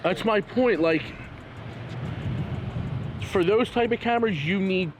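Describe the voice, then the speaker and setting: A man who is a photographer, chatting casually with friends in eager, quick bursts. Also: sits high, music in the background. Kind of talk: casual chat.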